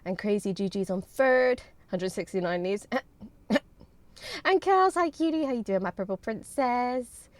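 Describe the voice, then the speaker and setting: A young woman, streaming and chatting with her viewers in an excitable, bubbly way and swearing freely. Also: on the high side, unhurried, no room sound. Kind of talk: casual livestream chat with viewers.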